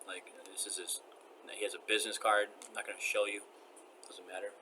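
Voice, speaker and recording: A man's voice: lowish voice, little pitch movement, fairly quick, bright, forceful tone, a little hiss or hum. Upset, rambling man venting. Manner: agitated, rambling and repetitive. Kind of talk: personal vlog rant.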